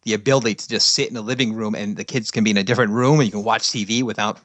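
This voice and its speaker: A man's voice: fairly low pitch, steady tone, rapid-fire, a bit bright, dry recording. A man, a podcast guest chatting casually and unhurriedly, laughing now and then.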